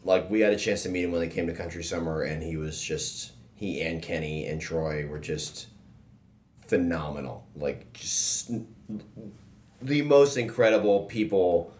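A man's voice: deep voice, unhurried, darkish tone, a little hiss or hum. A man co-hosting a radio show, telling a story earnestly in casual chat.

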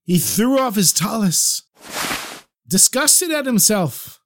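An expressive man narrates a story with animated delivery, his voice a little high for a man. He stops to explain terms along the way, and there is background noise.

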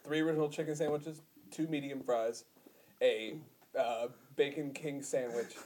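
A man's voice: mid-range voice, steady tone, normal speed, darkish tone, slight background noise. A man co-hosting a podcast, chatting casually, joking crudely and laughing often. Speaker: podcast co-host. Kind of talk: casual comedic chat.

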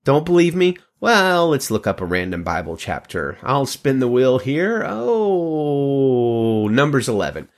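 A man with a mid-range, sing-song voice hosts a devotional at an unhurried pace. He reads Bible passages aloud and comments on them conversationally, adding joking, self-deprecating asides.

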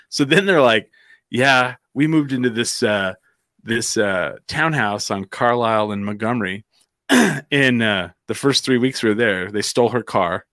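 A man's voice: medium pitch, normal speed, fairly bright tone, no room sound, clean studio sound. A man from New Mexico telling a long story in casual chat, rambling with fillers and acting out quotes.

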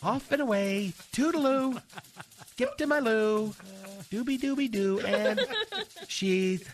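In a comedy radio sketch, an actor plays a flamboyant, fussy man who loves to gossip. He speaks slowly in a high voice with a campy, sing-song manner and dramatic sighs, the mood pure campy gossip.

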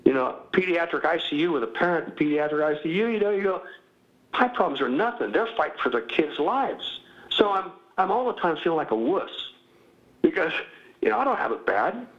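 A man's voice: fairly high pitch, sing-song, fairly quick, lo-fi sound. A man in his sixties, a former pastor, talking candidly and self-mockingly as an interview guest, often laughing. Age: 60s.

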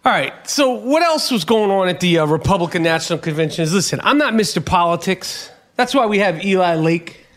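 A middle-aged man hosting a podcast, ranting profanely and bursting into shouts. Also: high-pitched, expressive, fairly quick, hardly any pauses. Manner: swears heavily and shouts in bursts. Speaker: podcast host. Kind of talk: profane, animated podcast rant.

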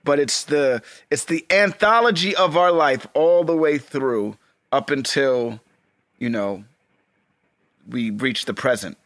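A man co-hosting a podcast, excitable and playful, chatting casually with his friend. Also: medium pitch, takes it slowly, no room sound. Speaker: podcast co-host. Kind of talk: casual chat.

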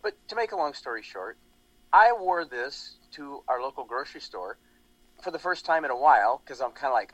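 Animated rambling male talk host. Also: medium pitch, fairly quick, dry recording, dull audio. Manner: animated, rambling, lots of restarts. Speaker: radio show host. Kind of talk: casual political talk show chat.

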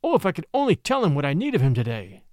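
A man voicing a young boy raised by wolves, urgent and quick to give orders in an audiobook story. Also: a little high, wildly swooping pitch, a little mellow, dry recording, studio quality.

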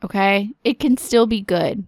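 A woman's voice: mid-range voice, measured pace, darkish tone, dry recording, studio quality. A woman in her thirties hosting a podcast, giving a casual, earnest pep talk to other moms. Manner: earnest, pep-talk, direct address to listeners. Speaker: podcast host.

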